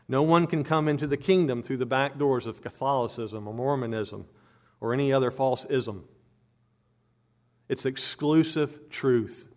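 A middle-aged man delivers a sermon in an earnest preaching manner. His pitch sits in an ordinary middle range for a man. He often stumbles into repeated words and climbs louder on his emphatic claims. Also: measured pace. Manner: earnest preaching with frequent word repetitions and restarts; rises in pitch and volume on emphatic points. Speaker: pastor.

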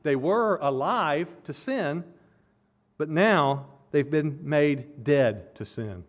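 A man's voice: on the high side, lively intonation, takes it slowly. A man preaching an expository sermon, earnest and building to emphatic peaks as he explains a scripture passage verse by verse.

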